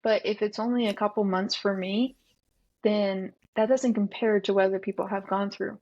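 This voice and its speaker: A woman's voice: medium pitch, fairly even intonation, normal speed, darkish tone. Young adult woman guest, reflective and agreeable, slightly muffled sound. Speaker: podcast guest. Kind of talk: casual faith conversation.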